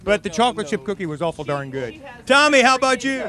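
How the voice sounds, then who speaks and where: Bright high-voiced man calling a contest. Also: very animated, fast talker. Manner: upbeat, laughing, mock sportscaster. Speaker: emcee of a contest. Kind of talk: playful play-by-play commentary.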